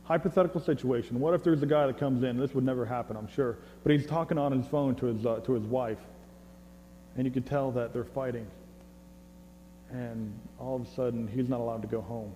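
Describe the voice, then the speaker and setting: Brisk and mellow, the medium-pitched voice of an American man holds fairly even intonation as he preaches. He jokes conversationally and keeps tripping over repeated words with stammered restarts, all under long hall reverb and faint mains hum.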